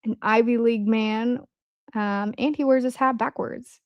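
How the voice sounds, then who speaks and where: In a clean, high-ish voice with a steady tone and measured pace, a Midwestern woman hosts a casual livestream full of chat and jokey asides to viewers. The recording is studio quality and echo-free.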